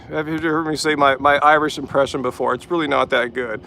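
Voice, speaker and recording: A man's voice: fairly high pitch, brisk, hardly any pauses, sharp tone. A man hosting a casual live-chat Q&A from a vehicle after a run, easygoing and chatty with lots of "like" and "um". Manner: easygoing, chatty, heavy use of "like" and "um". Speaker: host of a live stream.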